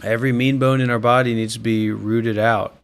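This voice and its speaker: A man's voice: medium pitch, level tone, fairly quick, clean tone. Foul-mouthed man mocking in a rant. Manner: mocking, insulting, swearing. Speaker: streamer reacting to videos. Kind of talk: profane reaction rant.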